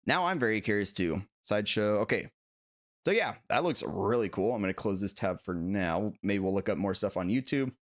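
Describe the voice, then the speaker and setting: A man hosting a casual live stream about collectible figures, reading viewer comments aloud and rambling excitedly, with many fillers and self-corrections. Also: on the low side, normal speed. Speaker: collectibles channel host.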